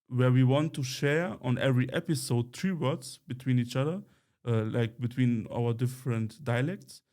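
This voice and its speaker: Man, Romani native speaker, podcast co-host, casual, halting with many fillers, mid-pitched voice. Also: mellow. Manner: hesitant, many fillers and restarts.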